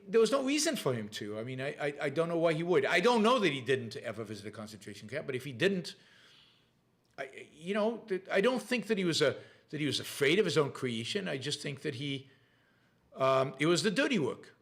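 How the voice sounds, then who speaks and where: A man with a noticeable accent hosts a casual live Q&A show, reading viewer questions aloud and answering them with frequent restarts and fillers. His voice is fairly high and a bit bright, very animated, at a fairly quick pace.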